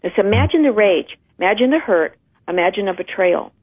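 A woman guest with a husky, mid-range voice talks a little fast and animatedly over a tinny phone line. Earnest and emphatic, she explains in conversation how trauma is handed down through generations, acting out the inner voices as she goes.

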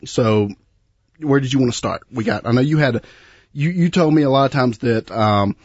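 A man's voice: mid-range voice, moderate pace, husky, no room sound, muffled recording. A man hosting a radio talk show, chatty and prone to repeating words. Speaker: host.

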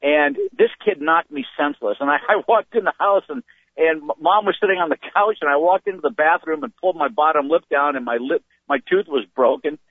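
Male comedian, lively storyteller, plays the people in his stories, slightly raised pitch, muffled dry lo-fi sound. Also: no echo. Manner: animated storyteller who acts out voices. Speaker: comedian guest. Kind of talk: casual storytelling chat.

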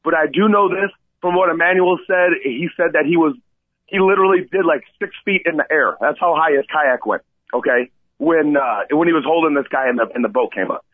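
Excitable man telling a story over a tinny line. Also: on the high side, fairly quick, no echo. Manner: excitable, repeats "okay?" and addresses Coach. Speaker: radio co-host and kayak tour operator. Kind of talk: animated storytelling on talk radio. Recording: tinny phone-line sound, dry.

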